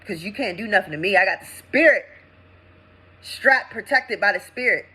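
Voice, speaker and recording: A young woman and veteran, ranting with indignation in a vlog, swinging between loud outbursts and low mutters. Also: lively intonation, moderate pace, husky, poor audio. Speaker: veteran vlogger. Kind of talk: impassioned vlog rant.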